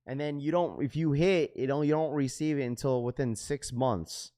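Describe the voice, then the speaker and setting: A man's voice: medium pitch, moderate pace, mellow. A man hosting a sneaker livestream, talking casually to chat in heavy slang. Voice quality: slangy, says "bro" often.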